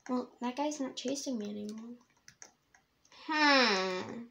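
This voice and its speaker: A woman giving rambling, excitable let's-play commentary as a young YouTuber, laughing often. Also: fairly high pitch, slow, vocal fry, pauses often. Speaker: gamer and YouTuber.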